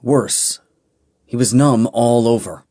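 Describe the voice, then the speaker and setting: A man narrating a fantasy novel in a measured, deliberate way. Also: medium pitch, dark tone, dry recording, clean studio sound. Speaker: audiobook narrator.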